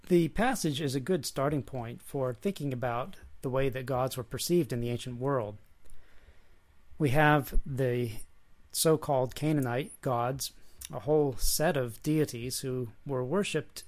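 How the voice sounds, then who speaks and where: A man delivers a lecture, reading a book passage aloud in a measured, dry manner. His voice sits at an ordinary middle pitch.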